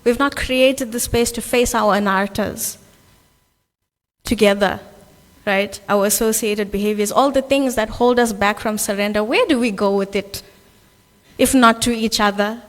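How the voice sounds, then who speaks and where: A woman's voice: medium pitch, fairly even intonation, a little slow. A South African woman giving an earnest, conversational sermon at a Sunday temple gathering, often checking in with "right?". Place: temple hall. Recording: long hall reverb.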